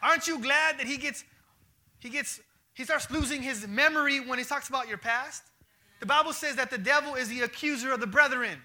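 Pastor guy preaching, slangy and animated, really high voice. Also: brisk. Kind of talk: sermon.

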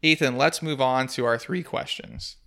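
Bright, clear-voiced man hosting a podcast. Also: medium pitch, normal speed. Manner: thoughtful, analytical, asks leading questions. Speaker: podcast host. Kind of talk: casual film discussion.

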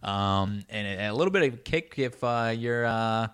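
A young man in casual chat, relaxed, with lots of fillers and frequent "dude". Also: mid-range voice, unhurried, smooth.

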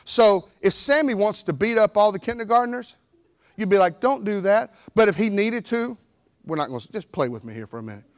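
A man in his forties, a pastor, preaching a lively sermon and acting out the story's characters, moving from loud to quiet. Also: sits high, brisk. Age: 40s.

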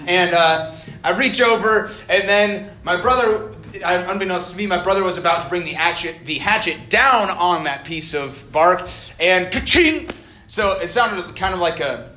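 A man's voice: high-pitched, bright, forceful tone, slight background noise. A young man from Idaho preaching a casual storytelling sermon as a college ministry director, chatty and self-deprecating, joking with his audience. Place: college meeting hall. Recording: echoey hall.

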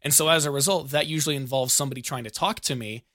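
A man's voice: medium pitch, very fast, fairly bright tone, dry recording, studio quality. A young American man telling rambling stories in casual podcast chat, restarting sentences and giggling. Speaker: podcast co-host.

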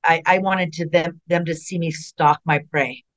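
A woman's voice: on the low side, steady tone, moderate pace, a bit bright. Chatty middle-aged woman from California. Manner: chatty storyteller, rambling with many restarts. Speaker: retired wrestler guest. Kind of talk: casual interview chat.

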